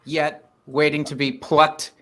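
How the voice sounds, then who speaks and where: Cheeky bright-voiced man. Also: fairly high pitch, little pitch movement, slow. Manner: cheeky, crude jokes. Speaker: podcast guest. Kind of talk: casual podcast chat.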